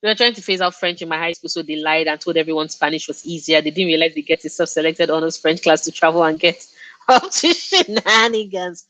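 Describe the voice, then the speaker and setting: A woman's voice: deep voice, a little fast, fairly bright tone. A young woman whose first language is Yoruba, chatting casually and laughing on a live stream as a reading host. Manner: chatty and laughing, reacts to viewer comments. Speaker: book streamer hosting a reading check-in.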